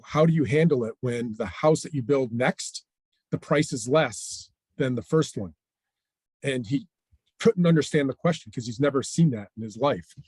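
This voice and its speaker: A middle-aged man telling stories in an interview, who acts out the lines of the people in them with lively changes of voice. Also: medium pitch, normal speed, husky, dry recording. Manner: animated, acts out quoted dialogue. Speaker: franchise owner guest. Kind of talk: storytelling interview chat.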